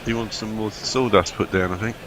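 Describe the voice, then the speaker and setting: A man's voice: on the low side, steady tone, brisk, noisy background. A man on a cricket broadcast who reads out listener messages and adds dry, wry asides. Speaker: co-commentator reading listener messages. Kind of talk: casual chat on a cricket broadcast.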